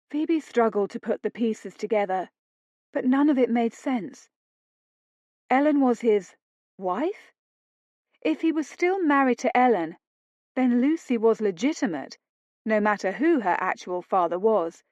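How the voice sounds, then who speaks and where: A woman narrating an audiobook romance in a slow, deliberate reading. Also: medium pitch, expressive, a little mellow, no echo, dull audio.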